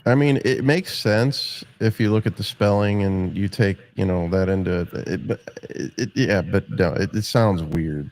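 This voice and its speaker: A man's voice: deep voice, unhurried, a little mellow, no echo. A man co-hosting a casual chat show, laid-back, mostly giving short agreeing replies. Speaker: co-host.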